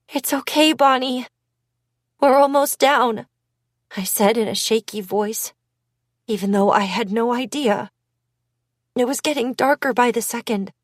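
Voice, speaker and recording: Slow, measured woman reading an audiobook. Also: a little high, dry recording, clean studio sound. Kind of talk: audiobook narration.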